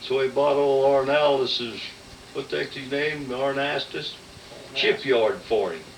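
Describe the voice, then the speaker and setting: A man's voice: medium pitch, a little slow. A man, the family's father, telling a rambling joke at home. He loses names mid-sentence, and he is heard on a 1980s home video recording. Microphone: camcorder mic across the room. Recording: echoey room, far from mic, faint hiss, 1980s home video.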